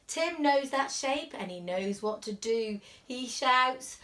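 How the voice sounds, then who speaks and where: A woman reads a children's story aloud in a bright, higher voice. She takes her time and swings her pitch widely. At tense moments she drops to a whisper. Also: slow pace, hardly any pauses. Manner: animated and expressive, drops to whispers for suspense. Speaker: reception class teacher.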